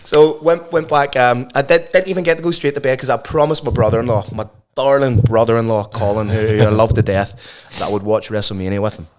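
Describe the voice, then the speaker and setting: A man's voice: medium pitch, steady tone, fairly quick, few pauses. A tired man in his thirties with a Northern Irish accent, co-hosting a casual podcast chat, rambling, swearing and going off on tangents. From Northern Ireland. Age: 30s. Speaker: podcast co-host.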